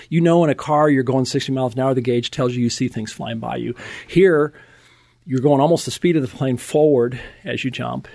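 An older man telling his testimony as an interview guest, in an animated, conversational way, often chuckling and restarting words. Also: medium pitch, gravelly, dry recording. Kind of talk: conversational storytelling.

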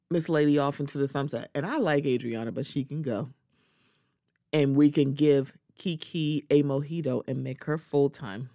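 A sassy woman talks through a solo podcast in a lowish voice, her pitch jumping up when she acts out other people. She sounds close to the mic in a dry, dead room. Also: dry recording. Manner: animated, sassy, slips into quoted voices. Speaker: podcast host. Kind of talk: casual solo commentary.

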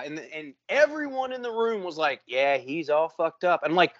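Cursing podcast co-host, storyteller type, slightly high voice, dry, dull lo-fi sound. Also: male voice, fairly quick, hardly any pauses, no room sound. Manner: profane, animated storyteller acting out quotes. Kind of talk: casual storytelling chat.

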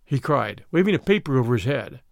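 A man reading a story aloud in steady scripted narration. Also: on the high side, brisk, no room sound, clean studio sound. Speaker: audiobook narrator.

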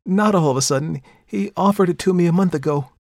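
Spirited young woman, high and defiant, voiced by a male reader, dry close sound. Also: animated, a little fast, no echo. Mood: proud.

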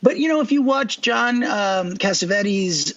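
A man's voice: high-pitched, animated, unhurried, a bit bright, muffled recording, slight background noise. Rambling middle-aged male podcast co-host. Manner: rambling, laughs often, trails off mid-thought. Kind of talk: casual chat.

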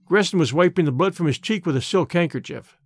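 A man reading a story aloud in a measured, storytelling audiobook manner. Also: fairly high pitch, animated, dry recording, studio quality. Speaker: narrator. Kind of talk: audiobook narration.

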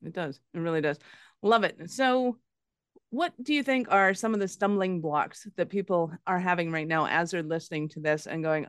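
Chatty podcast host, smooth clear voice, giggles a lot. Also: mid-range voice, normal speed, dry recording, studio quality. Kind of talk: casual interview chat.

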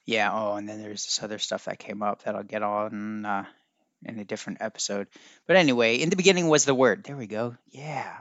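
A man's voice: on the low side, fairly quick, a bit bright, dry recording. A man hosting a solo podcast, talking in a musing, teacherly way that keeps correcting itself. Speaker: podcast host. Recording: dry, dull lo-fi sound.

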